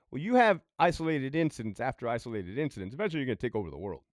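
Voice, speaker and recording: A man's voice: medium pitch, sing-song, fast talker, no room sound. Ex prison sergeant guy telling a story, swears a lot, voice jumps all over, dry sound. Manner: profane, blunt, conversational. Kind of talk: casual storytime monologue.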